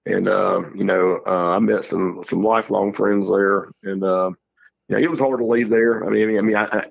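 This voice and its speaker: A middle-aged man, a high school football coach telling stories in a casual interview, rambling and restarting his words. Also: fairly even intonation, normal speed, creaky, lo-fi sound. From Georgia, USA.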